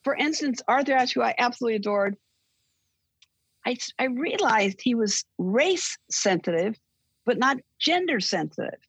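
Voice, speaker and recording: Husky older woman, gravelly and dry. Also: fairly high pitch, lively intonation, normal speed, a bit bright, no room sound. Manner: rambling, self-correcting storyteller. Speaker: guest. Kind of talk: casual chat, storytelling.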